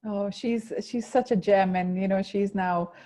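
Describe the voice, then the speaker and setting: A middle-aged woman, a podcast guest, telling a personal story in an earnest, reflective, soft-spoken way. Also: medium pitch, steady tone, unhurried.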